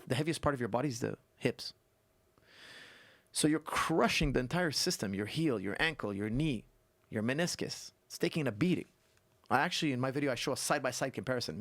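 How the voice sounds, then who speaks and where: A man who is a guest coach on a podcast, telling stories and explaining technique in an animated way that repeats points for emphasis. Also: medium pitch, dry recording. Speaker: guest martial arts coach. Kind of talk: casual podcast conversation.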